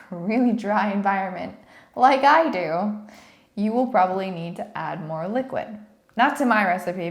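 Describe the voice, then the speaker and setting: A bubbly, chatty young woman talks through a baking vlog in her home kitchen. Her voice carries the echo of the room. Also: mid-range voice. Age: young adult. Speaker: baking vlogger. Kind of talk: casual chat.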